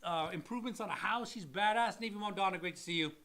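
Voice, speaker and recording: Male loan officer co-hosting a live stream, high and bright, animated delivery. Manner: animated, acts out people in quick quoted voices. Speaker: mortgage loan officer, co-host. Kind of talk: casual live-stream advice talk.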